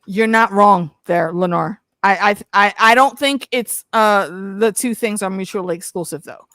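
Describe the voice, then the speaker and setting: A woman hosting a casual show discussion, talking in an animated, salty way and acting out lines. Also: medium pitch, normal speed, dry recording. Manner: animated, profane, acts out quotes. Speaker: podcast host.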